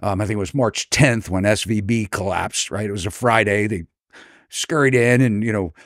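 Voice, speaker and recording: A man's voice: on the low side, normal speed, no room sound, studio quality. An American man hosting an interview, asking long rambling questions with many fillers and restarts. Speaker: podcast host, real estate broker.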